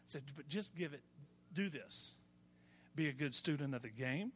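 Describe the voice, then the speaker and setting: A man's voice: a little high, expressive, moderate pace, long pauses, fairly bright tone, in a large hall, slight background noise. A man, preaching a sermon as pastor, telling folksy stories and building to emphatic points. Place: church.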